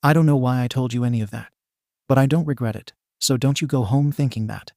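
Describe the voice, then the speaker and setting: A man voicing a teenage boy hero in training who talks quietly, choked and broken through tears. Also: mid-range voice, a little fast, no room sound, studio quality, natural voice. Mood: tearful.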